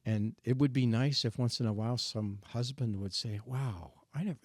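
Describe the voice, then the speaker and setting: A man in his sixties, a guest sharing his personal testimony in a faith discussion, earnest and reflective, often halting and restarting. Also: mid-range voice, fairly even intonation, darkish tone, no echo, clean studio sound.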